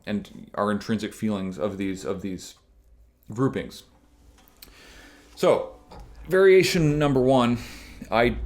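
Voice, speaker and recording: A man teaching banjo rhythm in a casual, rambling way, thinking aloud with many restarts and fillers and counting beats aloud. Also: on the low side. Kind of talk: casual instructional explanation.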